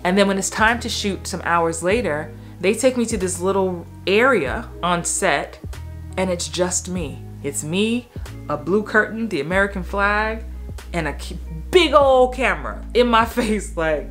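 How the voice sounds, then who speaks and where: A woman in her thirties, an actor and acting coach, telling a personal story in a candid, emotional way with quick asides and restarts. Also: medium pitch, lively intonation, a bit bright, faint music behind.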